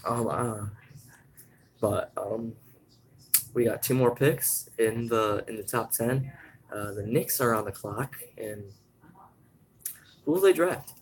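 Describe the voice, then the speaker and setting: A young man hosting live commentary on a sports draft, talking in a halting way with many fillers and restarts. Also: fairly low pitch, steady tone, low-quality recording. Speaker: host.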